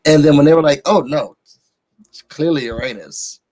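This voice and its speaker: A woman chatting casually about a reality TV episode, animated and laughing, with self-interruptions. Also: sits low, moderate pace. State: burping from a fizzy drink. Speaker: guest co-host. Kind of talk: casual reality TV recap chat.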